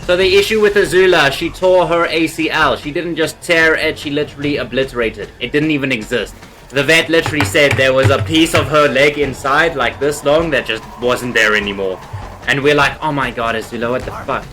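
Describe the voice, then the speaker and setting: Male let's-player, bright and pushy tone, pitched a touch high, profane and rambling; faint noise floor. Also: fairly quick. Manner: swears a lot, flips from calm rambling to angry outbursts. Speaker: gameplay streamer. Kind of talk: casual let's play commentary.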